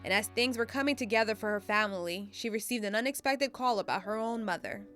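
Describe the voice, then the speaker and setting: A woman giving scripted narration for a documentary profile, with a smooth and measured delivery. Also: mid-range voice, a bit bright, faint music behind.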